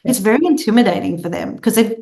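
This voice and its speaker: A woman guest in a conversational interview, telling stories in a playful, animated way. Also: fairly high pitch, fast talker.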